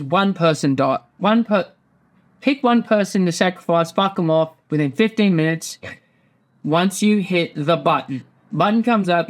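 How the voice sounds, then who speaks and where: A man with a high voice recaps loosely as host. He rambles, swears freely and slips into quick acted-out quotes. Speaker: podcast host. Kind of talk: casual profane recap.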